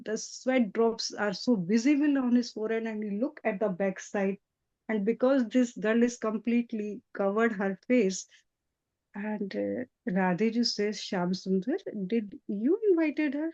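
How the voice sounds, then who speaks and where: A woman giving a devotional lecture, retelling a sacred story in an animated storytelling manner. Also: fairly high pitch, unhurried, lo-fi sound. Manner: animated storytelling with frequent restarts. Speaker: spiritual lecturer.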